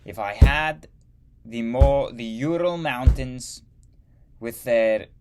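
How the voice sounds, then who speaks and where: A man's voice: mid-range voice, slow pace, slight background noise, pitched above the performer's own voice, natural voice. Fields: Figure: a man putting on a ranting dictator. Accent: put-on German. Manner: declaiming, shouted. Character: ranting male dictator, loud and fervent.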